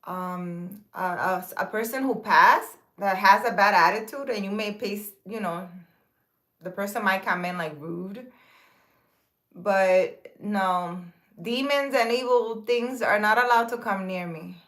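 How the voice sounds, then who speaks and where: A woman's voice: mid-range voice, unhurried, a bit bright. A woman, a spiritual healer, chatting casually to her viewers in a rambling way, full of fillers and restarts, answering their comments. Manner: reads viewer comments aloud and answers them.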